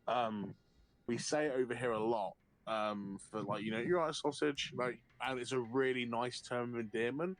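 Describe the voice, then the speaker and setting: A man's voice: medium pitch, moderate pace, low-quality recording. A man, a guest on a live stream, casually telling a story, swearing freely and acting out what people said. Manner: animated and sweary, acting out quotes and laughing often.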